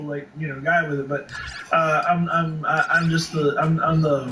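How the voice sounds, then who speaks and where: Hesitant high-voiced man, echoey room. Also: steady tone, moderate pace, pushed and bright. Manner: hesitant, rambling with many restarts. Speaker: podcast guest. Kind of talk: casual podcast chat. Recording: echoey room, distant noisy mic.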